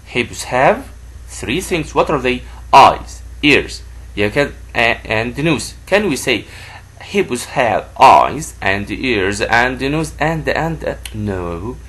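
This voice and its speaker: A male teacher walks young pupils through a grammar lesson. He talks slowly and repeats words so a child can say them back. His pitch swings up and down a lot, and his voice sits in the middle of the male range. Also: sing-song, a bit bright, husky.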